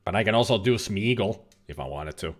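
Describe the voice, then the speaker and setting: A man's voice: on the low side, lively intonation, fairly quick. A man giving casual, rambling let's-play commentary as a streamer, joking and now and then swearing. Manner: chatty, rambling, jokey, occasional swearing.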